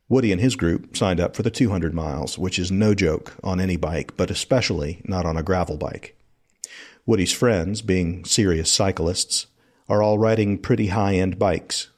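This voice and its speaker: A man with a low voice narrates a podcast in a relaxed, storytelling way. He is from South Carolina and talks to listeners as if recounting a trip with friends. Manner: conversational storytelling. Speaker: podcast host.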